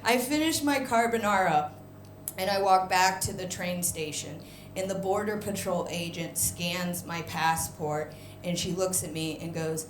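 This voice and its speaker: An American woman performing a stand-up comedy set, telling a story with lively swings into high, indignant outbursts. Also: unhurried, background noise. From United States. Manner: animated storytelling, voice jumps high when indignant. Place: theatre stage before a live audience. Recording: roomy live venue with crowd laughter.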